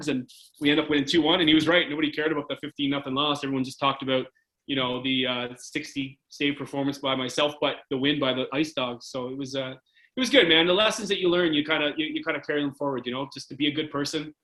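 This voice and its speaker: A man from Canada, a former hockey goalie, casually telling animated stories as a podcast guest. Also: a little high, fast talker, roomy sound, poor audio. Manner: animated anecdote-telling, filler-heavy. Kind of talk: casual storytelling interview.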